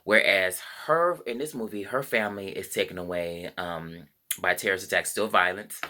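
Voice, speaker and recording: A man's voice: sits low, pushed and bright, a little hiss or hum. A man giving a casual spoken movie review, rambling with frequent fillers and self-corrections. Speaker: film reviewer.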